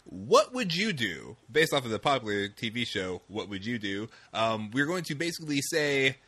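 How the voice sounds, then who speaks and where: Young man, podcast host, lively swinging pitch, very bright tone, playful. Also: normal speed, breathy edge. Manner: playful, laughs often, animated. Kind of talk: casual chat.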